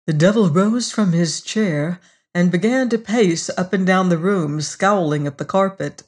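A host reading a vintage supernatural tale aloud in a measured, deliberate storytelling manner. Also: mid-range voice. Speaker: podcast host and narrator. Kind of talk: scripted audiobook narration of vintage supernatural fiction.

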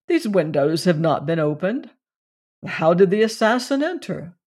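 Solemn reasoning man, read out by a narrator, unhurried and weighty. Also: high-pitched, very animated, a little mellow, full character voice. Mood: probing. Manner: measured and weighty. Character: grave, solemn man who reasons like a preacher.

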